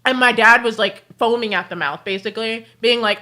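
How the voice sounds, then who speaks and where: Bright-voiced young woman, laughing storyteller. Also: on the high side, brisk. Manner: animated, laughs often mid-sentence. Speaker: livestream host. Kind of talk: casual storytelling chat.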